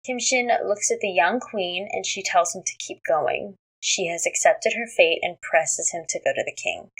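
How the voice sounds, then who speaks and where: A woman's voice: fairly low pitch, moderate pace, gravelly, husky, rough recording. A woman co-hosting a casual podcast, reading a plot recap from notes and commenting frankly, with some swearing. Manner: reads recap notes aloud, frank, swears, reacts with short agreements. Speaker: podcast co-host recapping a drama. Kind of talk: casual chat.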